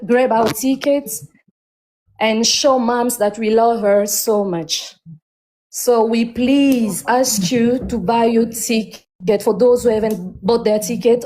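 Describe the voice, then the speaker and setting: A woman's voice: fairly high pitch, dark tone, a little hiss or hum, low-quality recording. Earnest woman urging ticket sales. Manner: earnest, polite pleading. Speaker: guest promoting a show. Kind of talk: casual promotional appeal.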